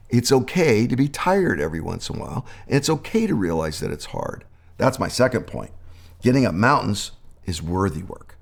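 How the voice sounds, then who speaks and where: Animated American male pastor preaching. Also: gravelly. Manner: animated preaching with dramatic pitch swings. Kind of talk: sermon.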